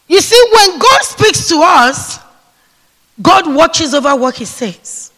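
A man preaching a sermon to a seated congregation, calling for responses and swinging between hushed whispers and shouts. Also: extremely high pitch, unhurried. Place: church hall with seated congregation. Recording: long reverb of a large hall.

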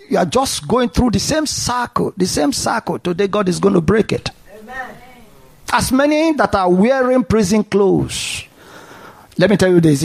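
A high-pitched man preaching a sermon. His delivery is animated and full of call-and-response, rising and falling as he urges the congregation on. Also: vocal fry, slightly rough.

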